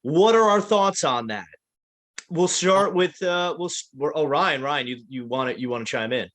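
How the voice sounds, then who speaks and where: A man hosting a casual podcast with a fairly high, bright voice. He rolls out playful showman flourishes like a wrestling announcer. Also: expressive, normal speed. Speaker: podcast host.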